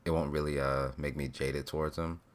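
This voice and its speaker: A man with a very deep voice, sleepy and laid-back. He drawls along in casual chat on a voice call, padding his sentences with fillers. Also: little pitch movement, a little fast. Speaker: stream viewer joining a call.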